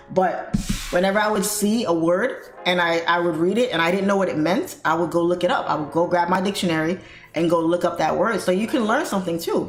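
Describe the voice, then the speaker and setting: A young woman with a slightly low voice hosts a live trading stream. She chats in a loose, animated way and reads viewer comments aloud as she goes. The room sounds roomy and echoey, and faint music plays underneath. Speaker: trading livestream host. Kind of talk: casual livestream chat while trading.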